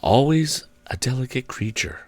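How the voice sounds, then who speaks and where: A man voicing a soft, gentle Christmas spirit in a storybook reading, speaking in a hushed, tender way. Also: medium pitch, animated, normal speed, no room sound, voice pushed up, natural voice.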